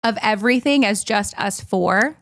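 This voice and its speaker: A woman in her thirties co-hosting a podcast, talking in a chatty, quick, easygoing way. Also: medium pitch, a bit bright. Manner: chatty, quick, often laughing. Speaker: podcast co-host. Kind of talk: casual chat.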